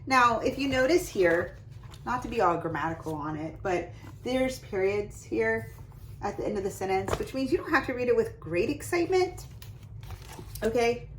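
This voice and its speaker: A young adult woman hosting a lesson, talking casually and brightly about reading to children as she shows pages of books. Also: on the high side, moderate pace, slight background noise, low-quality recording. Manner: lively and chatty, showing off book pages. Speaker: host giving read-aloud tips to parents. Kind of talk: casual instructional talk.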